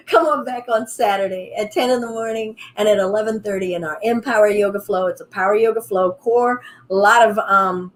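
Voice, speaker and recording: A woman leading a live online yoga class, with a calm, soothing way of guiding that turns upbeat and playful. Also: medium pitch, brisk, few pauses, rough recording. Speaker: yoga instructor.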